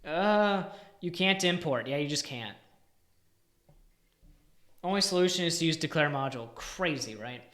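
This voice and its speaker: A man live-streams while coding, thinking aloud and muttering in exasperation, sometimes dropping almost to a whisper. His voice sits on the high side and is animated and a bit bright, at a normal speed with frequent pauses. The recording has a roomy echo.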